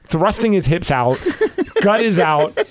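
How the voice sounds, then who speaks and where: A man's voice: high voice, takes it slowly, dry recording. A man hosting a podcast, telling a long anecdote in casual chat, full of filler words and restarts. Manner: animated storyteller, lots of filler words. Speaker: podcast host.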